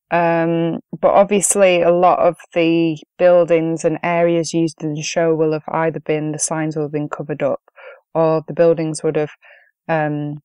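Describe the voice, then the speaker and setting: Low-voiced Mancunian woman chatting films. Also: mellow, clean tone, no echo. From England. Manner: chatty, giggly, many fillers. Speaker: podcast co-host. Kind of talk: casual film review chat.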